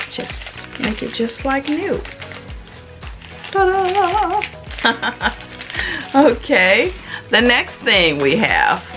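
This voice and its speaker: A woman's voice: low-pitched, fairly bright tone. A middle-aged woman in a casual unboxing vlog, chatty and playful, calling her viewers honey and y'all. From Memphis, Tennessee area. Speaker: vlogger.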